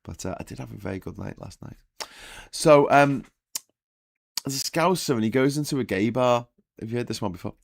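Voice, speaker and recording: A man's voice: mid-range voice, expressive, fairly quick, creaky, pauses often, no echo, studio quality. A hungover man hosting a casual morning live stream, telling jokes and rambling through the news with frequent restarts.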